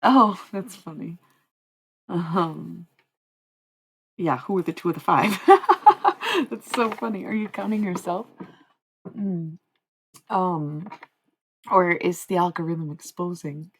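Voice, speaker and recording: A young woman talks casually to her livestream chat, wandering off her point and circling back. Her voice sits a little low, with a husky edge and a good deal of vocal fry. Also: slow, pauses often, rough recording. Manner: rambling and easily sidetracked, talking to chat.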